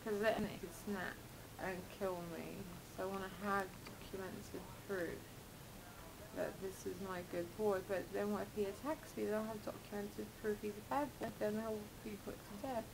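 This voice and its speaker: A woman's voice: mid-range voice, fairly even intonation, normal speed, creaky, background noise. A woman vlogger chatting casually to camera, rambling and talking fondly to her cat.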